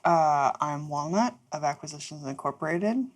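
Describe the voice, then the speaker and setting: A woman's voice: deep voice, animated, moderate pace, background noise. A woman playing a tabletop game, describing her character's actions in a playful way. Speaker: player.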